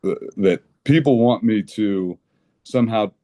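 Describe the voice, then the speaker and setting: A man guesting on a podcast, telling an animated, indignant story with blunt language and frequent restarts. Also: fairly low pitch, a little slow. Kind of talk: conversational podcast interview.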